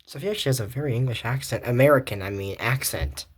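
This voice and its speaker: A woman's voice: deep voice, expressive, fast talker, few pauses, slightly rough. Rambling, sarcastic woman recapping a cartoon. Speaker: cartoon episode reviewer. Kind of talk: casual episode recap commentary.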